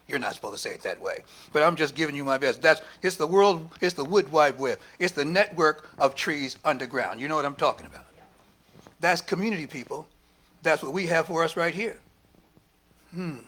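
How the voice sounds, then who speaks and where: High-voiced man preaching a lively sermon. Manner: lively, talks back and forth with the congregation. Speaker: minister. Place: church service.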